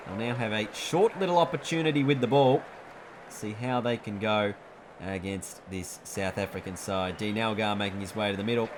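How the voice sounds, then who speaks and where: A man's voice: lowish voice, noisy background. A man giving chatty, jokey play-by-play commentary over a cricket video game, stumbling over names now and then.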